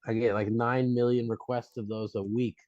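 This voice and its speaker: A man's voice: medium pitch, flat delivery, fairly quick, darkish tone. Playful male host, mid-range voice, muffled lo-fi audio. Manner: joking, playful banter. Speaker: stream host. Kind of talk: casual chat. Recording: dull lo-fi sound.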